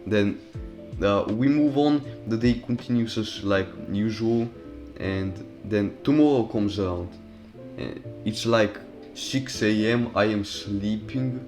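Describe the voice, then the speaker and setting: A man's voice: on the low side, fairly even intonation, takes it slowly, soft background music. A young man casually telling a personal story over gameplay, profane and rambling, with loose restarts. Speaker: storytime commentary YouTuber.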